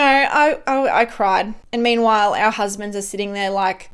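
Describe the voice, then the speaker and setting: A woman's voice: on the high side, a little fast, fairly bright tone, clear, resonant tone. A young woman chatting at home while doing her makeup, rambling with fillers and restarts as she gives a life update. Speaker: beauty vlogger. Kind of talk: chatty get-ready-with-me update.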